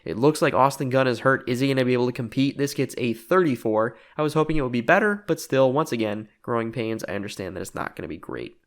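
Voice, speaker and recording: A man's voice: medium pitch, lively intonation, fast, hardly any pauses. A man giving casual, matter-of-fact commentary on a wrestling booking game, rating and judging each segment.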